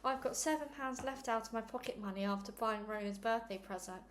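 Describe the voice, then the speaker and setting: A small-voiced young girl, anxious and unhappy, pleading with her mother in a storybook reading, as a woman puts her on. The voice sits fairly high, with a faint hiss behind it. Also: brisk, natural voice. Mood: worried.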